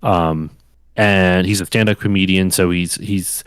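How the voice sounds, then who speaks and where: A man's voice: deep voice, fairly even intonation, measured pace, smooth, dry recording. A man hosting a podcast in casual chat, rambling with lots of fillers and restarts. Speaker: podcast host.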